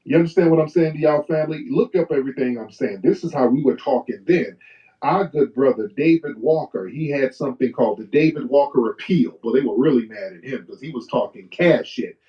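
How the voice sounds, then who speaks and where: A man hosting a live talk stream, talking in a preachy way and reading old quotes slowly with emphasis. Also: medium pitch. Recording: distant, muffled live stream audio.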